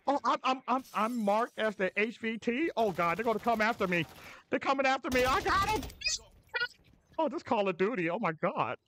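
A man putting on a high, squeaky mock-British voice as a pompous male streaming etiquette gentleman, giggly and flustered while commenting on his game. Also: big pitch swings, moderate pace, slight background noise, heavily acted. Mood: playful. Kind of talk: live gameplay commentary in character.

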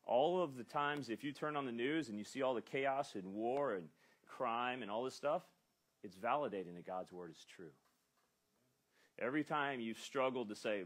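A man's voice: lowish voice, expressive, moderate pace, breathy edge. A male pastor preaching an expository sermon with emphatic delivery, acting out the lines he quotes. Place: church.

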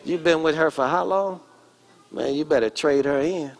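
A man's voice: a little high, moderate pace. A pastor in his forties preaching a sermon in church, emphatic and calling out to the congregation. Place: church sanctuary.

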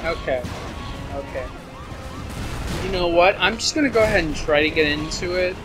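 A man with a high-pitched voice narrates his gameplay in a rambling, profane stream and is quick to get frustrated. He curses at enemies and grumbles about the game as he plays. Clear game music runs under his voice. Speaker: gameplay commentator. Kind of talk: let's play commentary.

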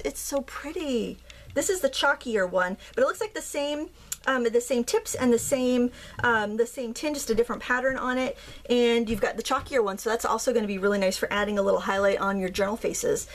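A woman in her thirties unboxing and demonstrating art supplies, gushing and gasping with excitement, full of fillers. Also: fairly high pitch, brisk, slight background noise. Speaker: craft YouTuber.

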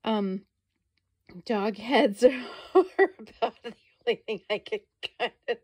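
A woman's voice: fairly high pitch, takes it slowly, darkish tone, husky. A middle-aged woman vlogging an unboxing, gushing, gasping and laughing as she talks to her viewers. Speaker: doll channel vlogger. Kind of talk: casual unboxing vlog.

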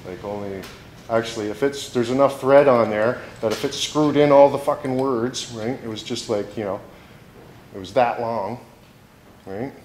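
A man's voice: medium pitch, moderate pace, a little mellow, slight background noise. A young man vlogging while he works in a workshop, rambling, joking and swearing constantly. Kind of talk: profane casual chat while working.

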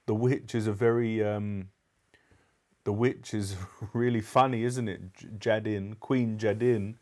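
A man with a low voice reads a children's classic aloud live in a steady, measured way. Between chapters, he chats in a relaxed, easygoing manner as host of a book club.

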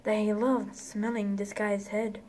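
A woman's voice: mid-range voice, level tone, a little slow, warm tone. A woman giving casual, playful gameplay commentary with dramatic outbursts at the game. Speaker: gaming channel host.

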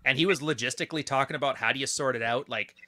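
An American man with a bright, forceful voice talks in a loose, blunt podcast conversation. He slips into mocking quoted voices to make fun of people and keeps a sarcastic edge. His pitch sits in the middle range. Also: very fast. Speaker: podcast host. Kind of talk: casual conversation.

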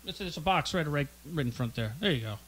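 A man hosts a kids' podcast in a bright voice with a lot of rise and fall, joking around while he fumbles with the equipment. He apologizes often and keeps nudging his co-hosts to carry on. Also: on the high side, lively intonation, fast, husky. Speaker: podcast host and producer. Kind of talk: casual podcast chat.

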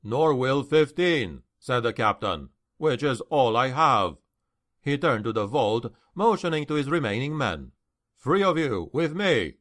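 A man's voice: mid-range voice, sing-song, unhurried, a bit bright. A man voicing a stoic guard captain in an audiobook, giving short, commanding orders. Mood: dry.

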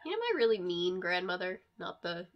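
A woman hosting a casual movie watch-along at home, chatting in rambling asides with quick laughs. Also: on the low side, sing-song, highs cut off. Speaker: host. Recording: background noise under the talk.

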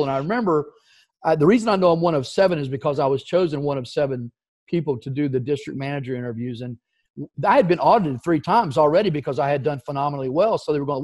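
Animated middle-aged male storyteller. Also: fairly high pitch. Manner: animated storyteller, acts out quoted voices. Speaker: interview guest, entrepreneur. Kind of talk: casual storytelling interview.

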